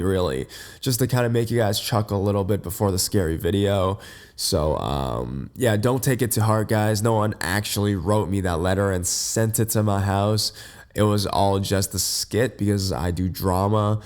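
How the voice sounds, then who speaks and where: A man hosting a casual, rambling podcast from his bed. He has just woken up, and his voice is deep and a little congested. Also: darkish tone. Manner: rambling, many fillers and restarts. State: groggy, just woke up. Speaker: podcast host. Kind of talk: casual unscripted podcast monologue. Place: in bed at home.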